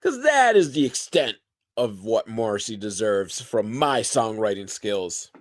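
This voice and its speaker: A man's voice: fairly low pitch, big pitch swings, unhurried. A man giving a rambling, profane and sarcastic comedic recap of a film, wandering off into side stories.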